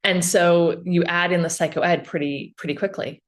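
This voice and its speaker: A woman's voice: lowish voice, steady tone, brisk, few pauses. A woman guest on a podcast, explaining ideas in a casual, earnest way and often checking in with "right?".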